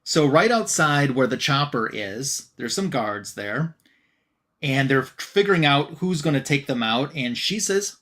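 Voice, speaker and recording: A man's voice: medium pitch, normal speed. Male co-host, mid-range voice, walks through a comic story in a loose, filler-heavy retelling. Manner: retells scenes by reading out dialogue with "she's like"; relaxed, frequent "um" and "uh" fillers. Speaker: podcast co-host reviewing comics. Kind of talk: casual comic recap.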